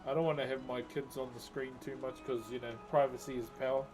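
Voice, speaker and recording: A man's voice: mid-range voice, little pitch movement, fast, music in the background. A man, chatting casually with viewers on a live stream and telling jokey stories, laughing often. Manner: laid-back, jokey storytelling with frequent laughs.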